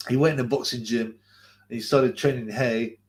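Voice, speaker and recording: A man's voice: medium pitch, fairly even intonation, normal speed, a little mellow. A man, hosting a casual livestream, reading viewer comments aloud, rambling, swearing and laughing often. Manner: crude, rambling, laughs often, repeats himself. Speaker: livestream host.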